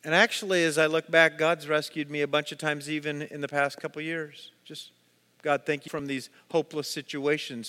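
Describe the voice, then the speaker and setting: A man preaching a sermon, telling personal stories with animated, acted-out voices. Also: a little high, smooth, long reverb tail. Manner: storytelling, animated, acts out voices. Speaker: pastor.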